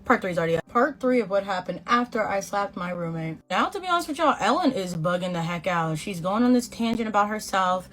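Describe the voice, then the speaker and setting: A woman's voice: medium pitch, fast, few pauses. A young woman from Boston in her twenties, telling a slangy, swear-laced storytime while doing her makeup and acting out the people in it. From Boston, USA. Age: 20s. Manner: animated, slangy, swearing, quotes people in voices. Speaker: beauty vlogger.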